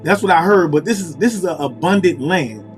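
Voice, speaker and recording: A man giving a casual tarot reading to viewers, talking in a musing, repetitive way and pausing to call on spirit. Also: on the high side, expressive, faint music behind. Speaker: tarot reader.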